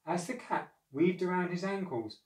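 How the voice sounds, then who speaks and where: A man narrating a storybook, measured and expressive. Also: sits high. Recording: echoey room, far from mic.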